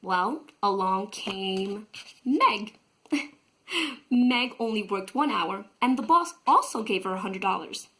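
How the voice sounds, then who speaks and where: A woman's voice: mid-range voice, animated, takes it slowly, fairly bright tone, low-quality recording. A woman talking casually and earnestly to her viewers about a lesson of faith, acting out quotes now and then. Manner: earnest, enthusiastic, acts out quotes. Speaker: vlogger and teacher. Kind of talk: casual devotional vlog talk.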